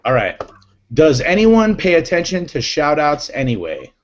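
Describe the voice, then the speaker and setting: A man's voice: on the high side, huge pitch swings, normal speed. A man hosting a casual online show, teasing his guests in a joking way. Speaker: host. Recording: dull lo-fi audio, faint noise.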